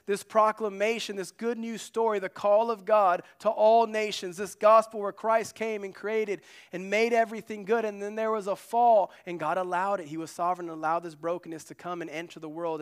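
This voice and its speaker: Man, pastor, sermon, high voice, earnest, loud emphasis then quiet asides. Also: clean tone.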